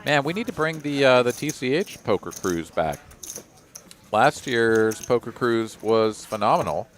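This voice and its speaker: A man doing live poker commentary, relaxed and joking, with promotional asides. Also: mid-range voice, a little slow. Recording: busy card room crowd behind.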